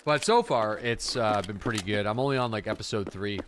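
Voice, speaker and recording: A man's voice: fairly low pitch, fairly quick, noisy background. A man from the Canadian Maritimes, a game streamer rambling in laid-back casual chat while playing, swearing freely.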